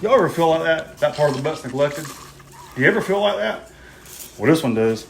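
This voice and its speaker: A man's voice: a little high, very animated, a little fast, creaky, a little hiss or hum. Folksy man in his fifties. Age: 50s. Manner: folksy, joking, hearty. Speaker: host of a barbecue cooking video. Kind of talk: casual cooking vlog. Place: outdoors at a grill.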